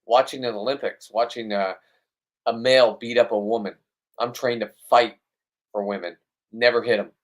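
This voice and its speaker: A man records a casual fishing vlog outdoors. He rambles bluntly and pokes fun at himself. His pitch sits in the middle. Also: fairly even intonation, normal speed. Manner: blunt, rambling, self-deprecating. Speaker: fishing vlogger.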